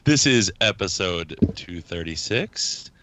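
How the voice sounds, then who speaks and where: A man's voice: low-pitched, lively intonation, slow, sharp tone, a little hiss or hum. A man hosting a podcast in casual chat, giggling and teasing his co-hosts. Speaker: podcast host.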